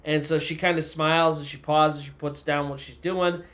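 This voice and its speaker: Man narrating a spooky tale, casual, chatty, fillers, fairly high pitch. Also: flat delivery, normal speed, a bit bright. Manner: conversational, loose, full of "you know" and "kinda". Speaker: storyteller.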